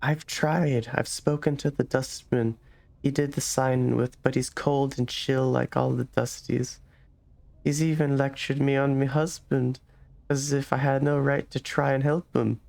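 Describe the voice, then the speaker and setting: A man's voice: medium pitch, flat delivery, unhurried, voice pushed up. A man voicing an anxious middle-aged woman who speaks hesitantly in an old-fashioned dialect. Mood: worried. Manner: hushed, hesitant, rough old-world dialect.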